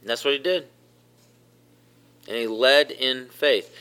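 A man's voice: medium pitch, takes it slowly, pauses often, sharp tone, smooth. A man preaching a sermon, emphatic, repeating phrases and putting questions to the congregation. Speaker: pastor.

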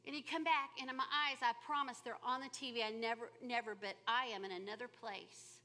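A woman giving a sermon with animated, humorous storytelling. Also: a little high, fairly quick. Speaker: church speaker.

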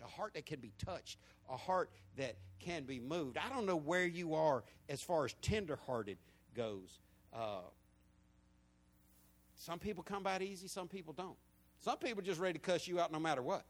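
A man, preaching a sermon in a lively storytelling way that swings between loud and hushed. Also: a little high, normal speed. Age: 50s.

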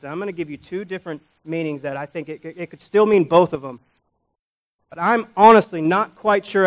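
A man preaching a sermon as pastor, emphatic and repetitive, swinging between loud urgent passages and quiet, low asides. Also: rough recording. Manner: repeats key phrases for emphasis.

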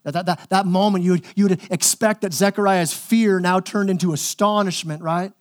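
A man's voice: sits high, fairly even intonation, normal speed. A male pastor preaching a conversational, emphatic sermon, often repeating words as he presses a point.

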